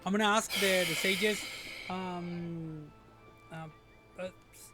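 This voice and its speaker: A young man with a high voice plays his part in a tabletop game, stammering and hesitating as he talks. He laughs easily, and a faint music bed runs behind him. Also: steady tone, slow pace, long pauses, bright, forceful tone. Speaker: player. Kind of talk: casual tabletop play.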